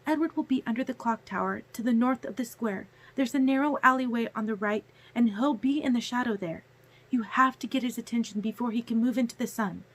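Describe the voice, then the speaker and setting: A woman voicing a fierce young vampire woman who speaks quickly in a low, urgent voice, read from a novel.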